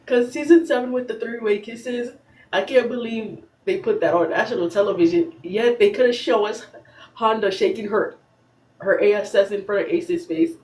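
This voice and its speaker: A woman's voice: medium pitch, normal speed. Sassy laughing woman in an echoey room. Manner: animated, sassy, laughing often. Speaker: podcast host. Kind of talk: casual recap commentary.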